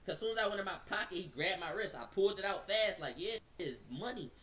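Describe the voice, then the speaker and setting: A man's voice: high voice, fast talker, distant mic. Slangy man telling a wild story. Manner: slangy, acts out quotes, speeds up when excited. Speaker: storyteller recounting an incident. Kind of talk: animated casual storytelling.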